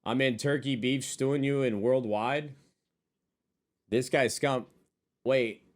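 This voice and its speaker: Speaking at a slow pace in a medium-pitched, steady voice, a man streams live from his desk with a monitor, reading and answering his chat in loose, profane, joking banter.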